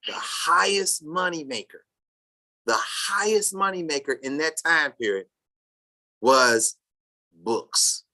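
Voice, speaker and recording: Slow, bright-voiced Sabbath class teacher. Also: mid-range voice. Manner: halting, with many restarts, and bursts of loud emphasis. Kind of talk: reading a text aloud and commenting to a class.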